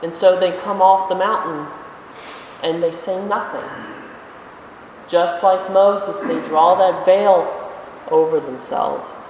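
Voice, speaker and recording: A preacher giving a conversational sermon in a church, asking rhetorical questions and slowing down for emphasis. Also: medium pitch, steady tone, far from the mic, slight background noise. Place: church sanctuary. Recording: echoey hall, voice from afar.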